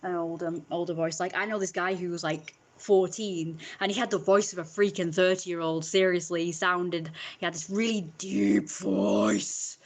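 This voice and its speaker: Rambling, chatty woman, low-ish voice. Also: fairly even intonation, moderate pace, hardly any pauses. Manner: rambling, chatty, many fillers and restarts. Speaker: streamer chatting with viewers. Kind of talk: casual chat.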